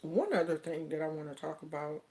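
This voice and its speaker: A woman vlogger chatting casually to camera, telling stories in an animated, drawn-out way. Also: sits low.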